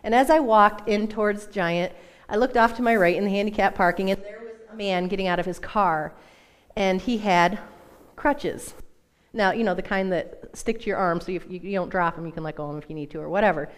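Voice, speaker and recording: A woman, around her thirties, giving a personal testimony in a church talk, telling it in a lively, self-mocking way with laughs. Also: medium pitch, fairly quick. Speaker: church speaker.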